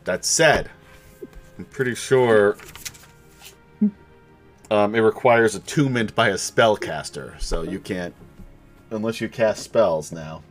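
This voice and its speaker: A man's voice: lowish voice, slow, pauses often, faint music behind. A man running a tabletop game as game master, rambling with fillers and laughs.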